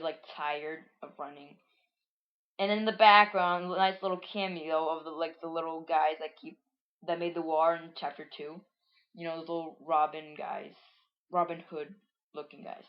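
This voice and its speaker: A woman's voice: deep voice, muffled recording. A woman casually reading through a comic she made as a child, rambling and full of fillers. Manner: rambling, filler-heavy, lots of "like". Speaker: reader of her own childhood comic. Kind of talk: casual storytelling read-through.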